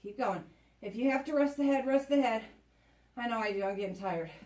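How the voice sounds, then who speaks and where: A higher-pitched woman leads a workout while exercising along, chatty and encouraging as she counts down the reps. She sounds a fair way from the mic, in an echoey room at home. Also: brisk, a little mellow, far from the mic. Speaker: fitness instructor.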